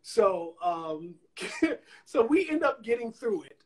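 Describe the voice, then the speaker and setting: A man from Alabama with a notably high speaking voice tells long anecdotes in a relaxed interview. He slips into the voices of the people he quotes as he goes. The sound comes through a phone on a live stream. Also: slow. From Anniston, Alabama, US. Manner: animated storyteller acting out quoted voices. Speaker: songwriter and producer guest. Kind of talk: casual storytelling interview. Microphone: Instagram Live phone call.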